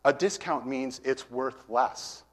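Expressive middle-aged male pastor preaching. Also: medium pitch, takes it slowly. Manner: expressive teaching, swings from loud to soft, acts out voices. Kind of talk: sermon.

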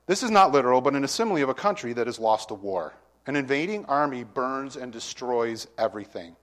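A middle-aged man preaches with an expressive, teaching manner, swinging between loud emphasis and quiet asides. His voice sits at an ordinary middle pitch. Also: a little fast. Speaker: pastor. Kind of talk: sermon.

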